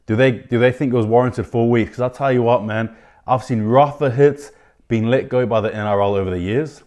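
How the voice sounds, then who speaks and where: A man hosting his own rugby league podcast, giving indignant opinions in a ranting style, with sudden loud outbursts of disbelief. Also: mid-range voice, a little fast. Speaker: podcast host. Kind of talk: opinionated sports commentary.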